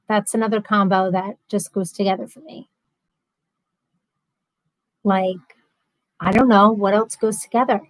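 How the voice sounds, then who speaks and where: A woman's voice: mid-range voice, dry recording, rough recording. A woman, hosting a casual livestream, chatting and reading out viewer comments, laughing easily. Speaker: livestream host.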